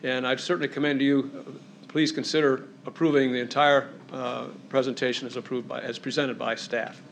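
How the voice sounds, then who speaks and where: A man's voice: mid-range voice, level tone, fairly quick, vocal fry, slight background noise. A man giving public comment at a county meeting, hesitant with frequent fillers.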